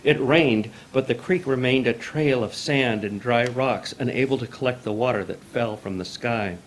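A man reading a traditional folk tale aloud in a measured, formal storytelling manner. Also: mid-range voice, slight background noise.

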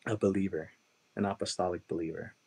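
A man from Chicago telling his conversion testimony as a guest, earnest and halting, with many "like" and "you know" fillers. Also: low voice, steady tone, gravelly, dark tone, slightly rough, rough recording. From Chicago, USA. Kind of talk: personal testimony storytelling.

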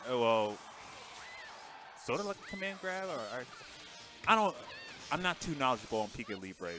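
Excitable male fighting-game commentator. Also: mid-range voice. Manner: excitable, chatty, swings between shouts and mutters. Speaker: tournament commentator.

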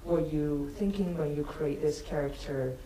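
A woman in the audience asking a question, hesitant, with many pauses and fillers. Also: low-pitched, dark tone. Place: auditorium at a screening event. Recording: echoey hall from far off, audience murmur.

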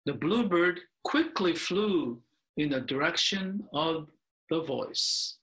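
An older male minister reads a picture book aloud at a slow, unhurried pace. His voice is bright and a little high, and he pauses now and then to explain the story. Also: animated, low-quality recording. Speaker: Buddhist minister. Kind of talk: reading a picture book within a sermon.

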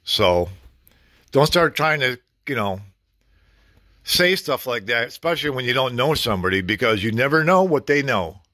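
A man's voice: mid-range voice, expressive, normal speed, pushed and bright, dry recording, clean studio sound. A middle-aged man venting in a blunt, casual vlog rant, swearing freely and talking to the camera. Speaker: vlogger.

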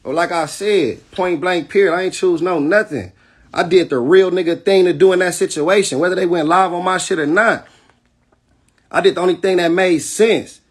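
A man delivers a defiant, profane livestream rant as a battle rapper. His voice sits high for a man and has a husky edge. He talks aggressively and keeps checking in with his listeners. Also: normal speed. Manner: keeps asking "you know what I'm saying".

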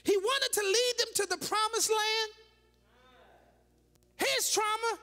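A woman bishop preaching a sermon in a church, dramatic and animated, firing rhetorical questions at the congregation with laughing asides. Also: very high voice, takes it slowly, long pauses. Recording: long reverb of a large church hall.

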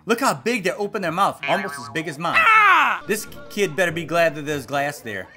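A man hosting a reaction video, cracking quick jokes with sudden loud exclamations. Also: on the high side, lively intonation, music in the background. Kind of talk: jokey reaction commentary.

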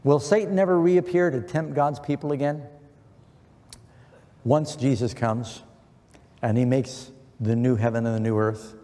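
A man's voice: medium pitch, dark tone. Man preaching in a reverberant church. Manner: earnest preaching, quotes scripture with emphasis. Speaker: pastor. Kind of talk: sermon.

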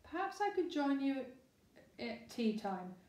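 A woman reading a weary gentle mother. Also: high-pitched, very animated, measured pace, voice pushed up. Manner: soft, weary. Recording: roomy echo, distant mic.

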